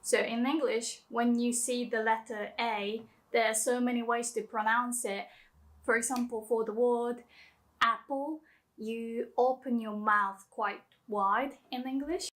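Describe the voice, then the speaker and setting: A woman with a slightly high voice leads a casual video lesson on Japanese pronunciation. She explains sounds in an upbeat, chatty way and backs each point with familiar examples. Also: fairly even intonation, unhurried. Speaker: Japanese teacher.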